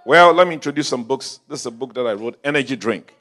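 A male pastor preaching a sermon in a church, telling stories and swinging from quiet asides to shouted calls. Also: mid-range voice, animated, quick pace, a faint crowd.

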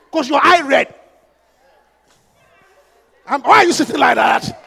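Fervent shouting preacher, echoey hall. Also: male voice, extremely high pitch, measured pace, creaky, long pauses, a faint crowd. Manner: fervent, swings from hushed asides to shouted prayers; breaks into speaking in tongues. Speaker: pastor. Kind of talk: sermon. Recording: echoey hall with long reverb.

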